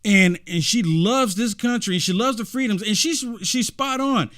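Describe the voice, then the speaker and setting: A man's voice: sits high, normal speed, a bit bright. A man giving emphatic, repetitive reaction commentary on a video clip.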